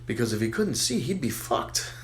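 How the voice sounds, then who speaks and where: A man voicing Little Johnny, a cheeky schoolboy from dirty jokes, delivering punchlines deadpan. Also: medium pitch, normal speed, slight background noise, pitched below the performer's own voice, lightly acted.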